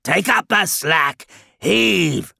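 A whip-cracking demon taskmaster roars his orders in a high, gravelly voice. He drags each word out very slowly. His voice has a piercing, bright snarl to it. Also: lively intonation, no echo, clean studio sound, full character voice. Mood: roaring. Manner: roaring orders.

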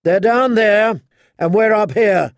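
A man reading an audiobook voices a young male sentry who shouts defiant, rallying words to his fellow guards. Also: high voice, takes it slowly, no room sound, clean studio sound, pitched above the performer's own voice. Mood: rousing, defiant.

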